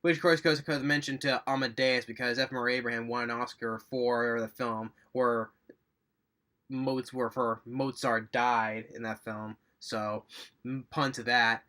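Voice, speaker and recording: A man's voice: medium pitch, fairly even intonation, a little slow, pushed and bright. A man giving a casual, rambling movie review, recapping scenes with enthusiasm and little chuckles.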